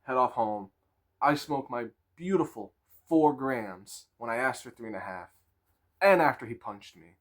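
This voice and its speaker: A man in his twenties telling a casual storytime with crude slang, animated and laughing. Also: mid-range voice, measured pace.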